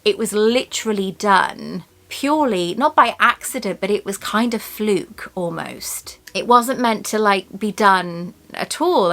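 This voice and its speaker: A woman's voice: mid-range voice, a bit bright. A woman vlogger talking in a casual, chatty way with lots of fillers. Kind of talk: casual chat.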